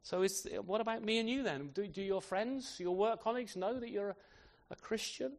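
A man's voice: high voice, fairly quick. A man preaching a sermon in a conversational way, often tagging his points with questions to the listeners. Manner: conversational, rhetorical tag questions.

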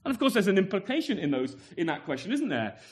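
A man's voice: high voice, very animated, fast talker. A man preaching a sermon in a conversational way, asking tag questions and acting out the scene. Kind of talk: expository sermon.

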